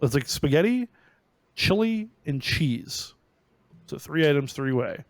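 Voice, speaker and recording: Scherzender Podcast-Mann, trockener Klang. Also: male voice, fairly high pitch, big pitch swings, measured pace, gravelly, dry recording. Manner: joking, explains himself. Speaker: podcast co-host. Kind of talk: casual podcast chat.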